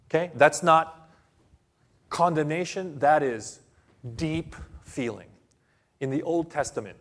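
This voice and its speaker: Male preacher, unhurried and theatrical, middle-pitched voice, swells to loud peaks. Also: slightly rough. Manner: slow, dramatic storytelling with sudden loud bursts. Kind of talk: sermon.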